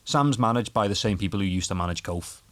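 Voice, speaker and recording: A young adult guitarist from Liverpool, England, with a Scouse accent, guests on a casual podcast, telling animated stories while laughing and swearing often. His voice is on the low side, and he talks fast.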